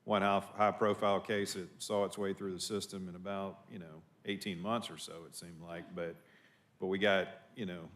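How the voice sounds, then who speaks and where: Low-voiced halting male commissioner. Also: little pitch movement, a bit bright. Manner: halting, many fillers and restarts. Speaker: county commissioner. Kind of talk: public board meeting discussion.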